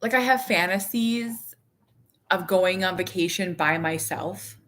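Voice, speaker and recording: A woman in her thirties chats straight to camera about family life in a frank, unfiltered way. Her voice is bright and clear, and she often pokes fun at herself, with plenty of fillers along the way. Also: on the low side, measured pace. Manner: frank, chatty and self-mocking, with laughs and fillers. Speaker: mother and vlogger. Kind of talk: casual candid chat to camera.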